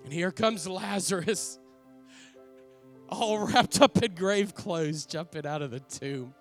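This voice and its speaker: A man's voice: high voice, slow, faint music behind. A man playing an earnest apostle in a dramatic first-person monologue, speaking with reverent, emotional awe. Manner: reverent, emotional, lingering on sighed exclamations. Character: awestruck older male apostle, earnest ex-fisherman.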